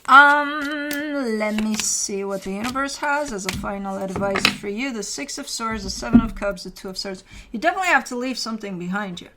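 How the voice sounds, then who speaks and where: A woman's voice: medium pitch, fairly quick, background noise. Woman, tarot reader, casual chatty reading, rambling, lots of fillers.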